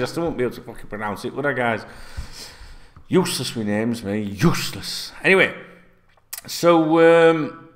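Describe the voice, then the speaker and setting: A middle-aged man rambles through fan chat, swearing freely. His pitch sits a bit high and swings widely. He talks casually to his viewers like an old mate. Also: fairly bright tone. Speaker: fan channel host.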